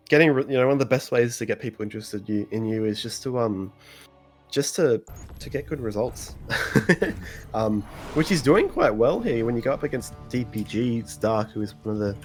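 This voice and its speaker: A man casting a live strategy game in a relaxed, chatty way, half asleep, with many pauses and small laughs. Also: fairly low pitch. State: sleepy. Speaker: esports caster. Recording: faint game music underneath.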